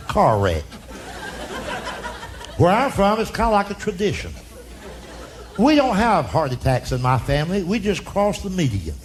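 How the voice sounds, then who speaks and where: A man's voice: a little high, wildly swooping pitch, moderate pace, pauses often. A middle-aged man telling stand-up stories in a folksy, drawling way on a club stage. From United States. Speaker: stand-up comedian. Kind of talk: stand-up storytelling. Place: comedy club stage with live audience. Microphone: stage mic. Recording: live club recording, crowd noise. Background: audience laughter.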